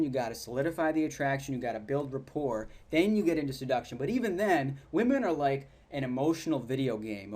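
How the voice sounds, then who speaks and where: A man's voice: mid-range voice, a little mellow. A man coaching viewers on dating, talking directly and casually to the listener, with blunt wording and the odd swear word. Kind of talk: instructional talk to viewers.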